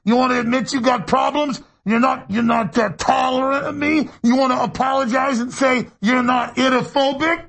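A man's voice: very high-pitched, fairly even intonation, moderate pace, hardly any pauses, exaggerated voice. A man playing a menacing male killer clown with a Brooklyn accent, in a taunting, ranting comedy sketch. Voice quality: gravelly, husky. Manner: taunting, shouting rants, cackling.

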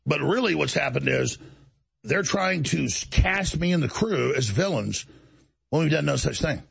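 A man's voice: a little high, animated, moderate pace, vocal fry, a bit bright, husky. A man hosting a talk show, delivering an indignant monologue and acting out other people's lines as he tells the story. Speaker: show host.

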